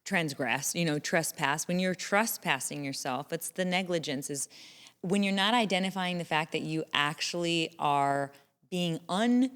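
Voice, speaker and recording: Low-voiced woman explaining earnestly. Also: measured pace, a bit bright, clear, resonant tone, big-room sound. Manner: earnest, explanatory, casually swears. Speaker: podcast co-host, relationship coach. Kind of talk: casual podcast conversation.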